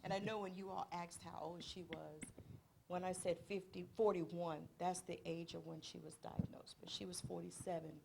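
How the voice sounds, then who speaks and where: Woman, low voice, gravelly edge, lively storyteller, repeats phrases, radio interview guest. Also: normal speed, background noise.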